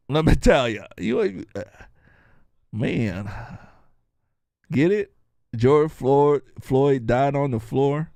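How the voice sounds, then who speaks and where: A man's voice: on the high side, gravelly, no echo, clean studio sound. A man hosting his own show, delivering a mocking, jokey political commentary monologue. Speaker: show host.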